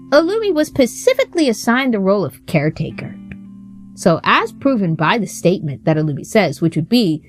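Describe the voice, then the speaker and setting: A woman's voice: mid-range voice, sing-song, normal speed, pauses often, faint music behind. A woman hosting a casual commentary on a show, blunt, profane and heated as she talks. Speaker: host.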